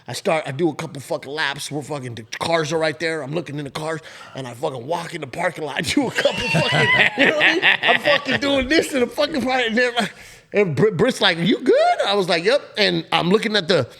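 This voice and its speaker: A man with a high, gravelly voice tells a story on a casual podcast. His pitch swings all over the place as he breaks into laughs and curses freely. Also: fast talker. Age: adult with a father-in-law and kids. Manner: animated, profane storytelling with bursts of laughter. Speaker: podcast co-host.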